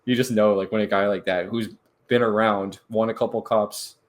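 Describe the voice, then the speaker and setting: A man co-hosting a hockey podcast in casual chat, animated, laughing often and acting out quotes loudly. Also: lowish voice, moderate pace. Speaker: podcast co-host.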